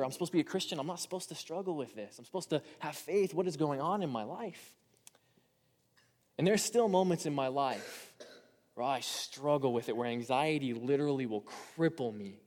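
A man's voice: a little high, darkish tone, big-room sound. A young man preaching a personal sermon, earnest and confessional. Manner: earnest, personal, rises to impassioned pleading. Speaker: pastor.

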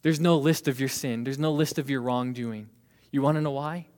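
A young man in his twenties preaching a lively sermon as a youth pastor, laughing now and then and acting out what people say. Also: medium pitch, moderate pace. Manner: animated, laughs while preaching, acts out quoted voices. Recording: long hall reverb.

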